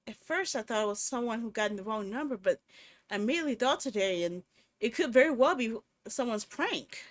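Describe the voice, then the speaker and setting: A young woman streaming a horror game, commenting casually and reading story text aloud with animated, jokey delivery. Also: on the high side, brisk.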